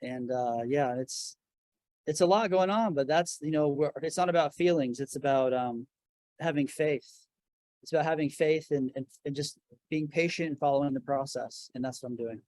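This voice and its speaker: A man's voice: fairly high pitch, normal speed, a little mellow, dry recording. A middle-aged man talking casually about his record label and faith in an interview from his office, earnest and full of restarts. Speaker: guest, record label founder.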